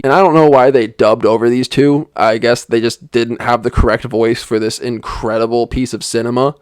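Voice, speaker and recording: A man's voice: mid-range voice, fairly even intonation, moderate pace, darkish tone, clean tone. A young man giving a sarcastic, rambling comedic movie review, with lots of "like" fillers. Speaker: film reviewer. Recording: dry voice-over.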